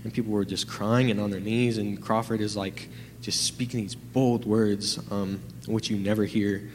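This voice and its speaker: A young man stands in a church telling his testimony, his voice a little low and shaky with nerves. He rambles excitedly with constant fillers, and the hall rings with long reverb over a faint room hum. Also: moderate pace. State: nervous, trembling. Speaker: testimony giver.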